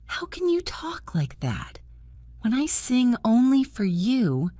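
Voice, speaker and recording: A frightened young opera singer, worn out and pleading in a soft, raised voice, as a woman reads her out in a storybook. The delivery is unhurried and set in a dry, close space. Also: mid-range voice, expressive, no room sound, voice pushed up. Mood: unhappy, afraid.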